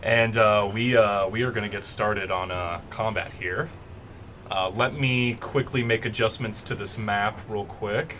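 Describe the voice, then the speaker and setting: A man's voice: on the low side, steady tone, a little slow, fairly bright tone, a little hiss or hum. A man narrating as game master for a tabletop game, describing scenes with frequent fillers.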